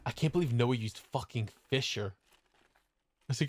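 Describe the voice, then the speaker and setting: A man's voice: mid-range voice, normal speed. A man co-hosting a casual podcast chat, swearing freely and jumping into mock voices. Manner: profane, bursts into loud mock-voiced quotes. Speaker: podcast co-host.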